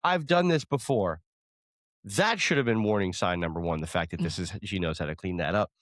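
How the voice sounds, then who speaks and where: A man co-hosting a casual chat show, teasing and retelling a story with animated energy. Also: deep voice, fast talker, no room sound, studio quality. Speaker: podcast co-host.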